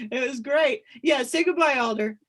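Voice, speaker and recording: A woman's voice: sits high, a bit bright. A woman co-hosting a sports podcast in casual chat, upbeat and often giggling. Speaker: podcast co-host.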